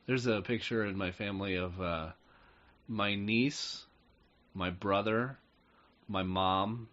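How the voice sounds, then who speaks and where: A man's voice: lowish voice, slow, a bit bright, dull audio. A man co-hosting a casual chat podcast, talking in a hesitant way with frequent restarts and dry remarks. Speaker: podcast co-host.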